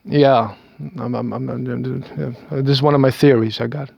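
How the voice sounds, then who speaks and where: Gravelly Dutch-accented man rambling. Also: mid-range voice, fairly even intonation, moderate pace, no room sound, dull audio. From Netherlands. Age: 30s. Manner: hesitant, stammering restarts, chuckles to himself. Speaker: video maker. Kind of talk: rambling self-recorded monologue.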